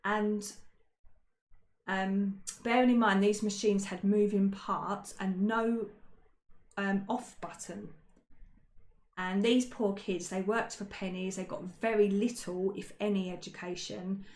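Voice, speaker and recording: A woman's voice: medium pitch, fairly even intonation, takes it slowly, a little mellow. A woman co-hosting a casual history podcast, chatty and jokey, with many ums and self-corrections. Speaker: podcast co-host. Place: indoor room, shared with co-host. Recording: roomy echo.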